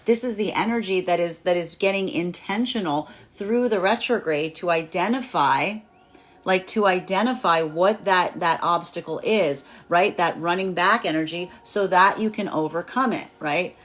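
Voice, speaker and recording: A woman's voice: on the low side, moderate pace, fairly bright tone. A young woman giving a live tarot reading, rambling with many fillers and frequent laughs. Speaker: tarot reader.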